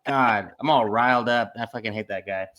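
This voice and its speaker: Male co-host, bright sharp tone, profane mocking rants. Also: on the low side, a little fast. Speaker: podcast co-host. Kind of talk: casual reaction commentary.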